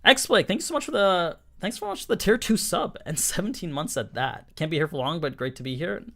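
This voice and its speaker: A man's voice: sits high, expressive, fairly quick, vocal fry, bright, forceful tone. A young man hosting a casual live-stream anime review, talking in a chatty, emphatic way, full of 'like' and 'you know'.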